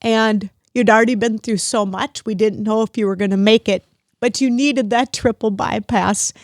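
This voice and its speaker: Middle-aged woman podcast host, heartfelt and tearful, raised pitch, dry close sound. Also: fairly even intonation, normal speed, dry recording. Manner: emotional, grateful, at times tearful. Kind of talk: heartfelt family conversation.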